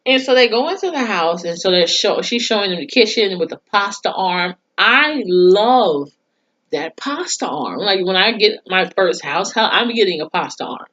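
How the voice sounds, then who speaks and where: A woman's voice: mid-range voice, lively intonation, fairly quick, hardly any pauses, a bit bright, lo-fi sound. A young woman casually recapping a TV episode, chatty and profane, acting out the characters' lines as she goes. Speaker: TV reviewer.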